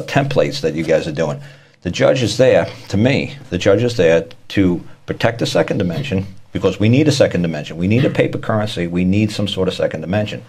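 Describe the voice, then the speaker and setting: A man's voice: sits low, a little mellow, husky. A man talking casually about court matters, rambling and repeating himself, acting out the people he quotes. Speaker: speaker on law and court tactics. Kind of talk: casual explanatory talk.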